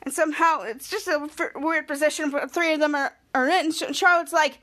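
A woman hosting a podcast, recapping a TV episode in a rambling, repetitive way and loudly acting out the quotes. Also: sits high, fast talker, few pauses. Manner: rambling, repeats herself, acts out quotes loudly. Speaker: podcast host.

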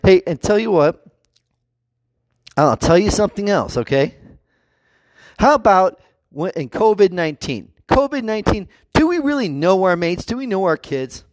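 A man's voice: high voice, sing-song, normal speed, pauses often, no echo. A man vlogging in a casual monologue. He rambles, restarts often and acts out quotes.

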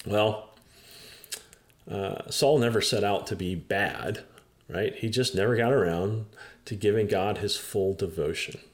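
A man preaching a sermon, telling a scripture story in an animated way with chuckles and frequent fillers. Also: on the low side, a little slow. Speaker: pastor.

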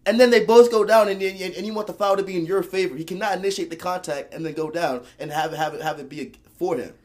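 A man's voice: high-pitched, fast. A young man, co-hosting a casual sports podcast, arguing animatedly and stumbling over his words. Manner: animated and argumentative, with many restarts. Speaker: podcast co-host.

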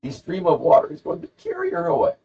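A man's voice: high-pitched, huge pitch swings, fast talker, mellow, husky, highs cut off. A man hosting a podcast, casually telling a rambling, jokey story and acting out the characters. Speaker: podcast host.

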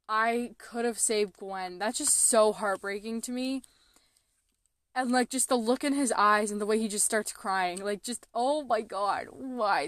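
A young woman with a medium-pitched voice hosts a movie podcast, recorded with no echo. She talks casually and emotionally, rambling along with lots of fillers.

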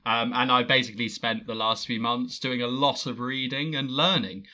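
A man's voice: mid-range voice, steady tone, normal speed, bright, forceful tone. A man hosting a casual podcast chat, self-mocking and rambling with restarts. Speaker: podcast host.

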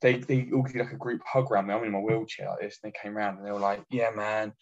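An army veteran telling blunt, sweary stories in a casual chat. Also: male voice, lowish voice, fairly even intonation, rapid-fire, highs cut off. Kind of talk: casual podcast storytelling.

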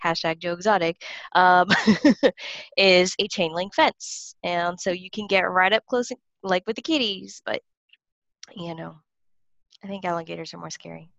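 A woman with a fairly low voice co-hosts a podcast in easygoing, giggly chat. Her sound is dry and a little dull and lo-fi, with no room echo. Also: unhurried, creaky, a bit bright. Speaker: podcast co-host. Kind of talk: casual chat.

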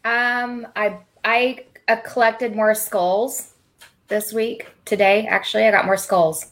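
A woman's voice: mid-range voice, level tone, slow pace, fairly bright tone. A woman guesting on a podcast, playful and giggly in casual chat.

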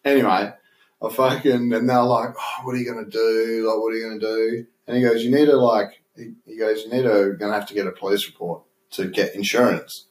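A man's voice: on the low side, steady tone, brisk, a little mellow. A young Australian man in casual chat, rambling through a story, swearing freely and laughing as he mimics others. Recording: roomy echo.

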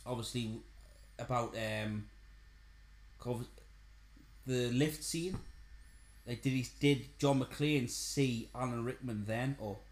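A man's voice: medium pitch, slow, pauses often. A man, co-hosting a casual chat about films, rambling and full of restarts. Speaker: podcast co-host. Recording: roomy echo.

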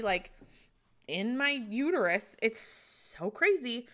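A woman with a bright, forceful voice tells a personal story in a loose, casual way. She is candid and chatty, swears freely and laughs often. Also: fairly high pitch, animated, a little slow. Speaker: vlogger recounting a personal experience.

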